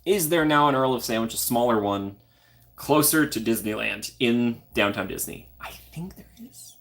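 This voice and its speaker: A man's voice: mid-range voice, animated, normal speed, gravelly, fairly bright tone. A young man from Minnesota hosting a casual live stream, chatting and answering viewer comments by name. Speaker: livestream host.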